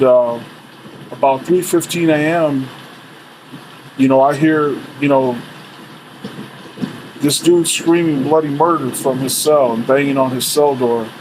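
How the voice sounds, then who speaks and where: A man's voice: mid-range voice, darkish tone, rough recording. A man casually telling a true story from his days as a corrections officer, loose and rambling, full of "you know" fillers and swearing. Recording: faint rain and room noise behind.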